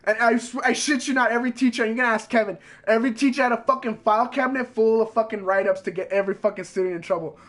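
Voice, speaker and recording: A man's voice: very high-pitched, fairly even intonation, rapid-fire, few pauses, fairly bright tone. A man streaming from home, telling a profane, heated story in a casual way.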